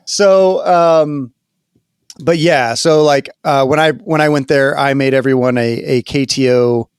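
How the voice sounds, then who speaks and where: A man co-hosting a casual gaming podcast, telling stories in an animated way with plenty of fillers and laughs. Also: a little high, measured pace, clean tone, no room sound, studio quality. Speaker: podcast co-host. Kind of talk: casual chat.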